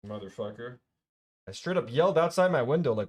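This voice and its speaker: A man's voice: medium pitch, lively intonation, a little fast. A man streaming a LEGO build, chatting casually, muttering piece counts to himself and swearing now and then. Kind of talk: casual live-stream chat.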